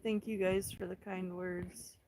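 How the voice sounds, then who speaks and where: A woman in her thirties from Central California, a livestream host chatting calmly with her viewers and answering their comments one by one. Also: lowish voice, slight background noise, rough recording. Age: 30s. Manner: calm, unhurried, answering chat comments one by one. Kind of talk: casual chat with livestream viewers.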